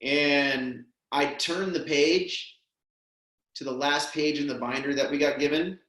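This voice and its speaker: A man's voice: a little high, fairly even intonation, a little slow, a bit bright. A man telling a heartfelt story as a podcast guest, earnest and emotional, often saying "man" and "dude". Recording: roomy echo.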